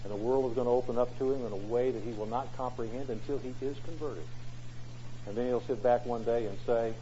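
A man's voice: mid-range voice, fairly even intonation, quick pace, mellow, a little hiss or hum. A man preaching a sermon in an emphatic way, often asking rhetorical questions. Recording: dull lo-fi recording.

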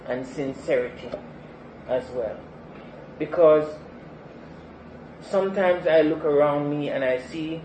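A high-pitched man preaches with earnest conviction, repeating key phrases to drive them home. His voice rings through a reverberant church. The recording sounds a little dull, with faint ambient noise behind him. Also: a little mellow. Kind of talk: sermon. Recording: echoey, slightly dull sanctuary recording.

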